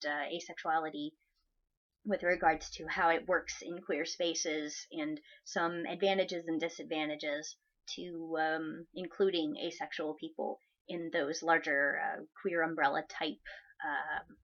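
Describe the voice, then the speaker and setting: A woman's voice: low-pitched, fairly bright tone, highs cut off. A woman in her thirties hosting her own vlog, chatty and upbeat. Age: 30s. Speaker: vlogger. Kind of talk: casual vlog chat.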